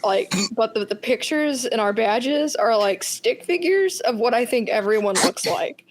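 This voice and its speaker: A woman's voice: fairly high pitch, lively intonation, a little slow, slight background noise, rough recording. A woman playing a tabletop game, joking, swearing and laughing often. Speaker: player. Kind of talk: casual tabletop banter.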